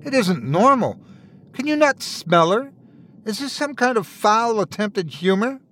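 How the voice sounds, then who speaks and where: A man's voice: sits high, very animated, measured pace, fairly bright tone, slight background noise, pitched above the performer's own voice, heavily acted. A man voicing an angry grown son who is disgusted and bitterly sarcastic.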